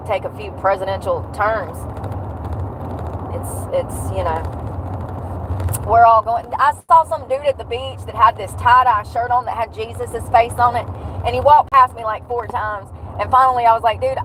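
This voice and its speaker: A middle-aged woman, chatting and laughing often on a livestream from her car. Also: medium pitch. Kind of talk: casual chat while driving. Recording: car and road noise behind.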